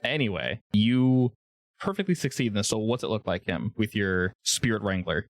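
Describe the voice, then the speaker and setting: A man's voice: on the low side, lively intonation, moderate pace, no echo. A man running a tabletop role-playing game as game master, explaining rules casually with fillers.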